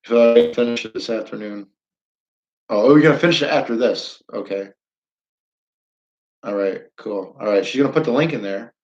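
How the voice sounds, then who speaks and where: A man's voice: medium pitch, normal speed, long pauses, dull audio. A man hosting a live stream, chatting casually with viewers, reading their comments aloud and repeating himself as he rambles.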